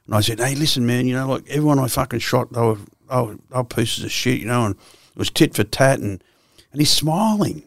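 A man's voice: mid-range voice, lively intonation, fairly quick, creaky, few pauses, dry recording, clean studio sound. A man in his sixties with an Australian accent, a guest telling his life story bluntly and profanely, full of restarts. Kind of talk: candid storytelling interview.

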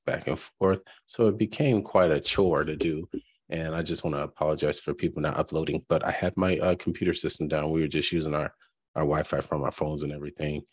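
A man with a very deep voice hosts a podcast in an easygoing, rambling way, full of fillers. The sound is dry and close, with no room echo. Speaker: podcast host. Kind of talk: casual reaction commentary.

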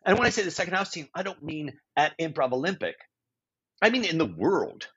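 Heard through dull lo-fi audio, this sixties-aged improviser and teacher spins interview stories in a sing-song, fairly quick voice that runs high, bright, forceful and slightly rough. He's blunt and swears now and then, restarting and self-correcting often amid blunt asides.

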